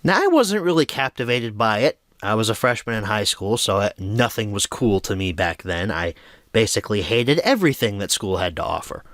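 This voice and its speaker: A man's voice: on the low side, moderate pace, dry recording, studio quality. Chatty young man hosting film reviews. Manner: chatty, self-deprecating, lively storytelling. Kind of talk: casual film review monologue.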